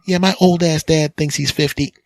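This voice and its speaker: A man's voice: a little high, fairly even intonation, normal speed, dry recording, studio quality, pitched above the performer's own voice, lightly acted. A man voicing his grown daughter, about twenty, who scolds him in a sassy, foul-mouthed way. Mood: scolding. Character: mocking young adult daughter, about twenty.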